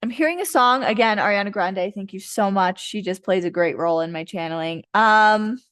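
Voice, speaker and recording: A woman in her thirties reads tarot cards casually for viewers, chatting playfully and often joking, laughing and swearing. She talks briskly in a medium-pitched, fairly bright, clean voice, recorded dry.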